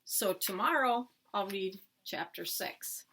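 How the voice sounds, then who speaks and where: Bright-voiced woman reading to children. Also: mid-range voice, takes it slowly. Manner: clear, expressive storytelling. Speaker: teacher. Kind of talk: reading a chapter book aloud to children.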